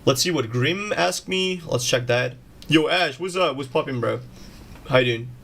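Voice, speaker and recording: A man's voice: mid-range voice, moderate pace, vocal fry, a bit bright, a little hiss or hum. A man chatting casually on a music production livestream, slangy and swearing, calling everyone bro. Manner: slangy, swears freely, says "bro" a lot.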